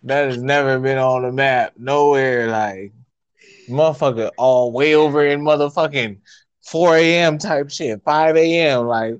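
A man co-hosting a casual podcast, joking and profane, telling stories with animated delivery. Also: mid-range voice, unhurried, smooth, dry recording, muffled recording. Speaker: podcast co-host. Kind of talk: casual live podcast banter.

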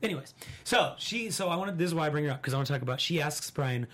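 Animated woman hosting a chat. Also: low voice, fast talker. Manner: animated, acts out quotes from the show. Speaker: podcast host. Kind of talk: casual recap chat reading live comments.

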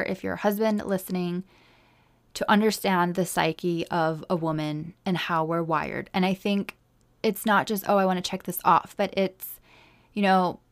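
Woman podcaster telling a story, chatty and fed up, does the back and forth herself. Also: lowish voice. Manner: chatty, exasperated, acts out dialogue. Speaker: podcast host. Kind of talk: personal storytelling to listeners.

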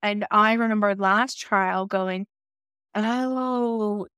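A woman's voice: medium pitch, normal speed, no room sound. Candid woman telling a personal story. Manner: candid and personal, acting out remembered dialogue. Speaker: podcast co-host. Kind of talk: casual conversational storytelling.

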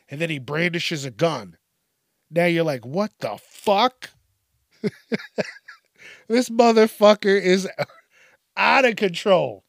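Recorded dry in a clean studio, this host of a laid-back news commentary show has a voice that sits high. He curses nonstop and cracks himself up over his own stories.

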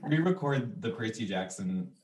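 A man's voice: lowish voice, animated, moderate pace, a little hiss or hum. Man, podcast co-host, casual chat, joking, echoey room, a bit far from the mic. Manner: joking, laughs mid-sentence.

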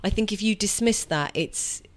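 A woman's voice: medium pitch, normal speed, no room sound. A middle-aged woman, chatting as a podcast guest and often restarting her sentences. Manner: chatty, warm, frequent restarts and self-corrections. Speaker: guest actress. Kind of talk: casual podcast interview.

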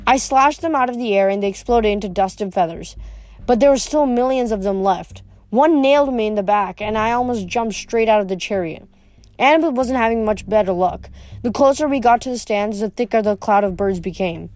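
A woman's voice: mid-range voice, fairly quick, a little mellow, no room sound. A woman reading a novel aloud in a plain, unpolished way, with small slips and restarts. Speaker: reader.

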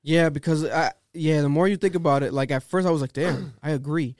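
A man co-hosting a casual podcast chat, animated and profane, who often slips into rapping and mimicking people. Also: a little high, quick pace, dry recording, studio quality.

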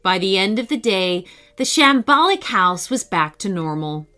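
A woman narrating a scripted children's story in an expressive, sing-song way. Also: medium pitch, normal speed. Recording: faint background music.

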